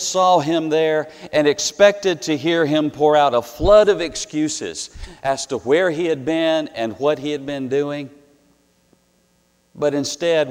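A man preaching a sermon, telling a story earnestly with dramatic pauses and rising to louder passages. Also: on the high side. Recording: long hall reverb.

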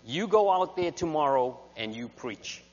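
A man's voice: on the high side, expressive, measured pace, darkish tone. A man voicing a stern older monk in charge who scolds firmly, in a dull, echoing hall recording with hum.

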